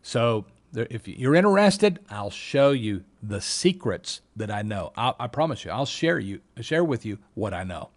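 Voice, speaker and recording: A man's voice: mid-range voice, sing-song, measured pace. A man teaching an online trading class, talking emphatically with a salesman's push and acting out what other traders say. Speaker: trading instructor.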